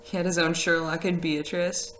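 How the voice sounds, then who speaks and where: Chatty low-voiced woman streamer. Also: level tone, normal speed, fairly bright tone, slight background noise, poor audio. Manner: chatty, rambling with fillers and laughs. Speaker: streamer reading chat. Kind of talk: casual live stream chat. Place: house with a conservatory.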